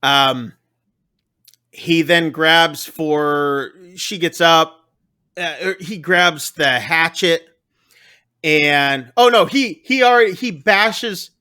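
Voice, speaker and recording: Smooth, slightly high, and slow, the podcast host's voice carries a casual scene-by-scene rundown of a horror movie. He animatedly acts out what the characters say.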